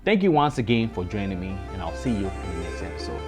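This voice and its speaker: Man, Ghanaian accent, casual review chat, desk condenser mic, soft music behind. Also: sits low, fast. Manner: relaxed, chatty, slangy with repeated asides. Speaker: tech reviewer host. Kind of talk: casual product review vlog. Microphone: desk condenser mic with pop filter.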